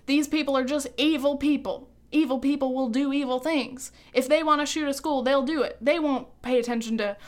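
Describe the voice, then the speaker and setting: A woman's voice: high-pitched, normal speed, few pauses, clear, resonant tone, natural voice. A woman voicing a dismissive male pro-gun arguer in a mocking put-on accent.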